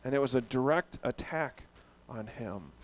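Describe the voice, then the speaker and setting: A man preaching a sermon in an animated way, asking the congregation questions. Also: mid-range voice, normal speed. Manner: animated, asks the audience questions. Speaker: pastor.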